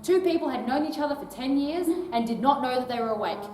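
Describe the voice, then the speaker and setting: This woman's voice sits high and darkish, with lively intonation and a fast pace over slight background noise. She's an Australian touring speaker chatting casually to a live audience indoors in an old library hall, peppering lines with "right?". The echoey room makes her sound far away.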